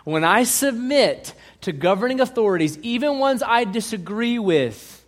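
A pastor preaching a sermon, emphatic, asking the congregation questions and reading scripture aloud. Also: male voice, high voice, a bit bright.

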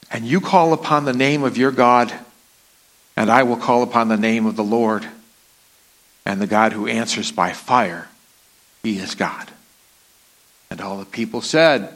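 A man's voice: mid-range voice, a little slow, long pauses, a bit bright. A man preaching a sermon, reading scripture aloud with dramatic rises and falls.

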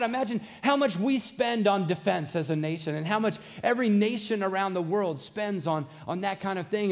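A male pastor with a fairly high voice delivers an earnest sermon. He reads scripture aloud and presses his listeners with rhetorical questions. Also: darkish tone.

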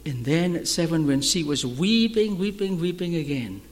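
A man preaching as a pastor, telling stories in an animated way and shouting at the high points. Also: normal speed. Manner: animated storytelling, shouting at peaks. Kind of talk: sermon storytelling. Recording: long hall reverb.

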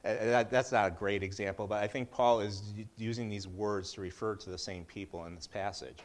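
A man's voice: lowish voice, fairly even intonation, brisk. A middle-aged man giving a casual Bible teaching in a conversational way, with joking asides and frequent restarts.

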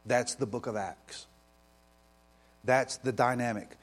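A man preaching from the pulpit with a mid-range voice. He talks plainly and earnestly, then swells into fervent questions. When he turns to prayer his voice drops soft and hushed. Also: mid-range voice, steady tone, takes it slowly. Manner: impassioned, rising to emphatic questions. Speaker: pastor. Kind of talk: sermon.

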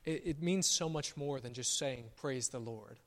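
A pastor preaching a sermon, emphatic on his declarations and softer on quiet asides. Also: mid-range voice, measured pace. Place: church sanctuary. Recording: long church reverb.

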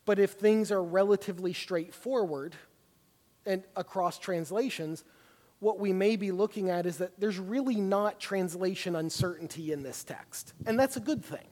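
A man's voice: high voice, normal speed, warm tone, in a large hall. A man leading a Bible study class, talking conversationally with many fillers. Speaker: class teacher.

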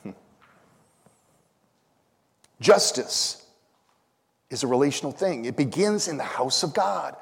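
A man preaching a sermon, telling stories, singing lines of worship songs and building to shouted calls. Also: mid-range voice, animated, slow pace, creaky, pauses often. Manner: storytelling, sings lines of songs, rises to shouts. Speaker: pastor. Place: church sanctuary. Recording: long hall reverb.

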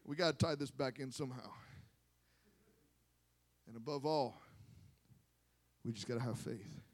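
A man preaching a sermon to a congregation, moving from quiet asides to impassioned shouting and calling on the listeners to respond. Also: medium pitch, measured pace.

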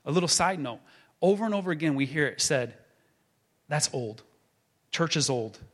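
A man preaching a sermon as a pastor, building to emphatic proclaiming and then dropping to a hushed tone. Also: fairly high pitch, expressive, moderate pace.

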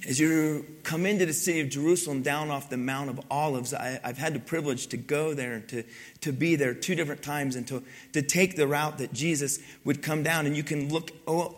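An older man preaching a sermon, telling stories with asides to his congregation and swinging from loud exclamations to hushed, near-whispered moments. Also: on the high side. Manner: storytelling, conversational asides to the congregation. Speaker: pastor.

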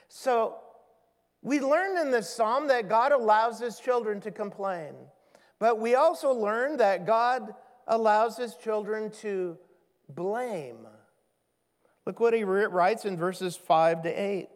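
A male pastor with a high voice delivers a sermon at an unhurried pace. He moves between casual asides to the congregation and expressive readings of scripture. A long reverb trails every phrase, as if he is in a big church hall. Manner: conversational preaching, dramatic scripture reading.

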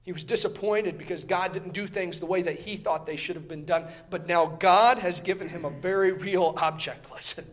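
A man preaching a sermon with passion, reading scripture in old-style wording, swelling loud and then dropping low, and often repeating his words. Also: fairly even intonation, moderate pace, hardly any pauses.

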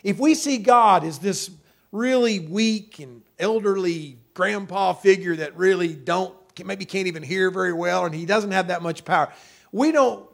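US male pastor, high-pitched, folksy sermon delivery, repeats himself and says hallelujah often. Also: creaky. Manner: folksy, repetitive, with frequent hallelujahs and amens.

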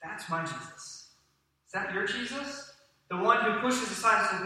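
A pastor speaks to his church in a high, sharp-toned voice at a moderate pace, preaching conversationally and quizzing the congregation. The recording is distant, in an echoey hall.

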